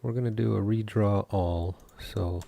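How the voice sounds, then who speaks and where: A game developer talks through his code in a deep, mellow voice. He goes slowly, thinking aloud with stops and fillers, while faint keyboard typing runs behind him. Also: fairly even intonation, gravelly, a little hiss or hum. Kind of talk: live coding commentary.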